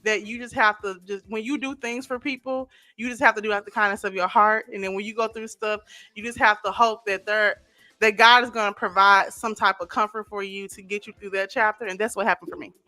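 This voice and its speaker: A woman's voice: mid-range voice, steady tone, a little fast, bright, forceful tone. A woman with a St. Louis accent chats emotionally with her viewers on a live stream and reads their comments aloud. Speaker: YouTuber hosting a live stream. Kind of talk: casual live-stream chat.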